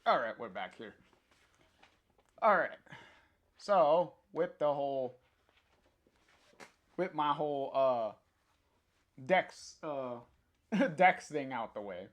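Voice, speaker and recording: Slow, chatty young man reading aloud. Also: on the high side, animated. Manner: chatty, laughs often, full of fillers and restarts. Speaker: comic reader on a livestream. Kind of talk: casual live reading and commentary.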